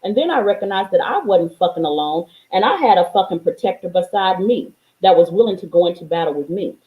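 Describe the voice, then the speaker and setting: A woman's voice: lowish voice, expressive, fairly quick, roomy sound, narrow, tinny audio. A woman hosting a spiritual live stream, preaching in a blunt, profane, fiery style and greeting viewers by name. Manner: blunt and profane, calls out listeners.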